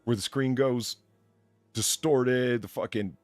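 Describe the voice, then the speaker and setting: A man's voice: medium pitch, fairly even intonation, takes it slowly, a little mellow, no echo, soft background music. A man hosting a livestream, talking casually, rambling and swearing freely. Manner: profane, rambling with restarts. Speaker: livestream host.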